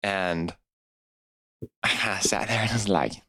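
A man's voice: low voice, drawn-out words, long pauses, pushed and bright, no echo. A young man in his twenties from California, earnestly telling a heartfelt personal story as a podcast guest. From California, USA. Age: 20s. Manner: earnest and heartfelt, laughs at himself.

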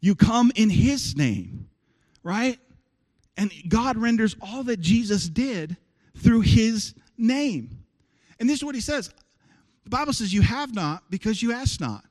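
A man preaching a sermon as pastor to his congregation, animated, with call-and-response. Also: high voice, measured pace. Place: church sanctuary with congregation.

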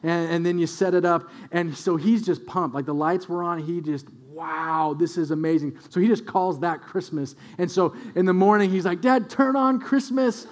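High-voiced young man preaching a sermon. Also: moderate pace, hardly any pauses. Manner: animated storytelling with quiet earnest stretches. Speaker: pastor.

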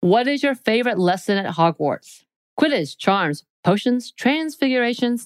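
A woman's voice: medium pitch, very animated, normal speed, no echo. A woman co-hosting a podcast, reading out quiz questions in a playful, teasing way. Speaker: podcast co-host. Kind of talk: casual chat.

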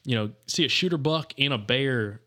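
Casual male co-host, rambling storyteller who keeps saying "dude", mid-pitched voice. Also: expressive, normal speed, bright, forceful tone. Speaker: podcast co-host. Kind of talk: casual hunting chat.

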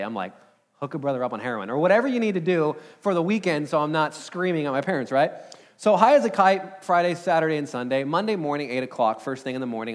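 A man in his thirties preaching a sermon, telling a personal story in a casual, energetic way with lots of fillers. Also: fairly high pitch. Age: 30s. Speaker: pastor. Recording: long hall reverb.

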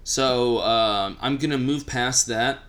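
Bright-voiced man hosting a casual podcast. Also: medium pitch, slow pace. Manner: joking, teasing, runs the segment. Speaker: podcast co-host. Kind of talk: casual chat.

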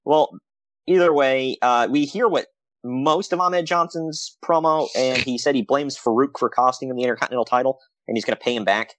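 A man's voice: medium pitch, slight background noise. A man co-hosting a podcast, chatting casually about old wrestling shows with sarcastic asides. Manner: animated, sarcastic asides, quick laughs. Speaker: podcast co-host.

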